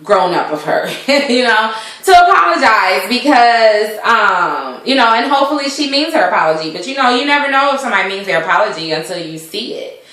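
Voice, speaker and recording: A woman's voice: fairly high pitch, sing-song, fairly quick, pushed and bright. Give me a woman vlogger rambling through a TV recap in a very echoey room. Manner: rambling, full of fillers and asides. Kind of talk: casual chatty recap.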